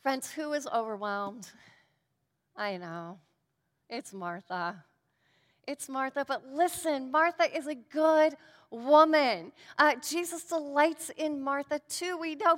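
A woman giving a sermon and a prayer, earnest and shifting between emphatic lines and hushed ones. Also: high voice, big-room sound. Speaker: speaker at a devotional.

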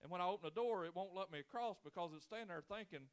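Male pastor, forties, folksy joking sermon, slightly high voice. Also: very fast, few pauses, clear, resonant tone. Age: 40s. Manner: folksy, joking storytelling with casual grammar.

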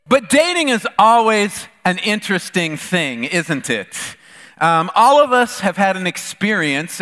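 Bright-voiced pastor in an echoey church. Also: male voice, high voice. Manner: conversational, jokey, with fillers and restarts. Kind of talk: sermon. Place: church sanctuary. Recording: echoey large church hall.

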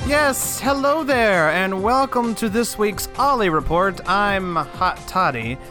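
A man's voice: sits high, animated, slow, music in the background. A man playing a boastful impostor posing as a comedy podcast's news anchor, pushing a rosy spin. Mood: smug. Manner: blustering, pushy, evasive.

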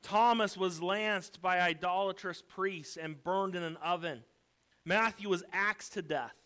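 A man preaching a sermon, with dramatic swings from hushed, low passages to emphatic shouting and repeated punchlines. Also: a little slow, clear, resonant tone. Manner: emphatic repetition.

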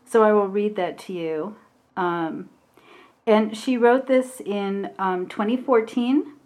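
Slow, soft-spoken woman meditation teacher. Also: mid-range voice. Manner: slow, hesitant, with pauses and fillers. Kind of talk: Dharma talk.

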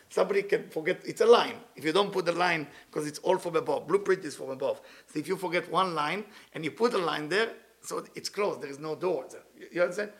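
A man giving a motivational spiritual talk in English with dropped words, playful and animated, stacking words in long repeated lists. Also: fairly high pitch, vocal fry. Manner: speaks non-native English with dropped words.

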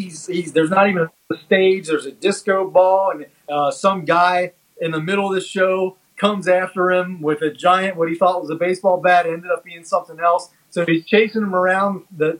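A man co-hosting a casual podcast chat, talking haltingly with many fillers and restarts. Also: sits high, low-quality recording. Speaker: podcast co-host. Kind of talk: casual chat reviewing a comedy special.

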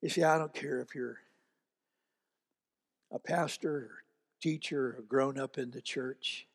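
Male pastor with a gravelly voice, folksy and earnest, preaching in a church with hall echo. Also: medium pitch, steady tone, measured pace. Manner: folksy, earnest, with small restarts. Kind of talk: sermon storytelling. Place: church sanctuary.

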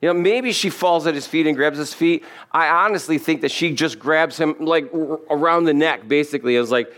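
A man's voice: fairly high pitch, normal speed, a bit bright. Man preaching a conversational sermon. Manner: conversational, humorous asides. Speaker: pastor. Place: church sanctuary.

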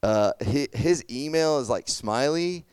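A man's voice: mid-range voice, lively intonation, measured pace, a little mellow, clean tone, no echo. A young man giving a casual sermon, chatty and full of fillers, checking in with "okay?" and "does that make sense?". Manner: conversational, lots of fillers and "okay?" check-ins. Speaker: youth pastor.

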